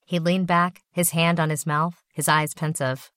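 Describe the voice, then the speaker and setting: A woman narrating an audiobook in a steady, even reading voice. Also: sits low, a little slow, no room sound, clean studio sound.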